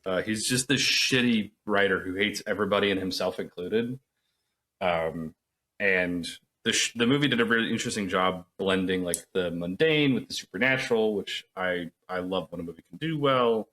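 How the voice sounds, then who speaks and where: Low-voiced man in casual podcast chat. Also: normal speed, pushed and bright. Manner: rambling, profane, acts out reactions. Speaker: podcast co-host.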